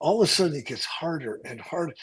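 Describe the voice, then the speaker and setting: A man's voice: a little high, quick pace, husky, low-quality recording. A man, a stunt coordinator, telling behind-the-scenes stories in casual chat, swearing freely. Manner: animated storyteller, acts out quotes, swears freely.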